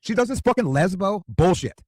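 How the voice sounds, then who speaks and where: A man's voice: high voice, expressive, normal speed, a little mellow, no room sound. A man in his fifties, a streamer ranting crudely and rambling, full of profanity and "dude.". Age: 50s.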